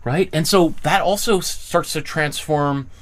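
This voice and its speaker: A male art teacher giving a live online drawing class. He talks in a casual, rambling, encouraging way and often restarts his phrases. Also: a little slow. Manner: acts out quoted voices with big pitch jumps.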